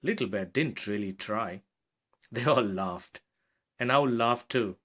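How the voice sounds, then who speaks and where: A man reading a children's storybook aloud in a slow, expressive way. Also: medium pitch.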